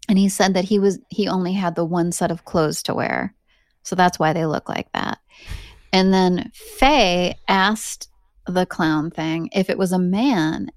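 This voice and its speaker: A woman with a somewhat low voice recounts a bizarre encounter for her podcast, chatty and animated, breaking into little laughs as she goes. The sound is dry and close, with no room around it. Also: no room sound. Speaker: podcast host. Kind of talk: casual storytelling.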